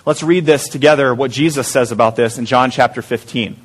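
A man's voice: medium pitch, brisk, breathy edge. A man preaching a conversational sermon to a church group in small pods, often asking the room questions. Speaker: pastor.

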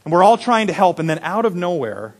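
A young adult man with a high voice preaches a sermon as a pastor, speaking a little fast. He tells a story with animated delivery, swinging from loud emphasis to hushed, quiet moments.

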